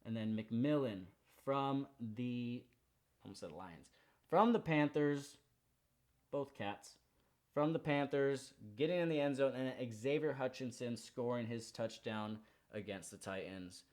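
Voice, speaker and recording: A man's voice: medium pitch, a little slow. A young man hosting a sports betting show, running through his picks in a slangy, hyped, confident way. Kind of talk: casual betting picks rundown.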